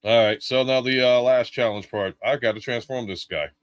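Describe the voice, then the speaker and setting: A man's voice: mid-range voice, fairly quick, no echo. A middle-aged man live-streaming a toy unboxing, chatting casually with jokes, swearing and lots of fillers.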